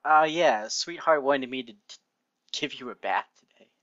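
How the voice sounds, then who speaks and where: A man's voice: mid-range voice, normal speed, a bit bright, no echo, muffled recording, pitched above the performer's own voice, lightly acted. A man playing a playful young caretaker in a fan fiction reading, teasing and over the top. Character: young man caring for an injured pony.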